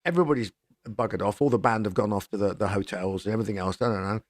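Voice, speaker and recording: A middle-aged man, a rock singer and pilot, telling a lively anecdote in casual chat. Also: on the low side, very fast, dry recording, clean studio sound. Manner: animated anecdote, lively quoted voices. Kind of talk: casual storytelling.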